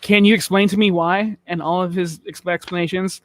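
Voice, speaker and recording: Male podcast co-host, high voice, teasing and quick to laugh. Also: steady tone, no echo. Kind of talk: casual banter.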